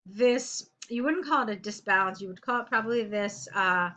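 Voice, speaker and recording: A woman's voice: mid-range voice, normal speed, bright, forceful tone. A woman English tutor reading a student's essay aloud and correcting it in a chatty, direct way.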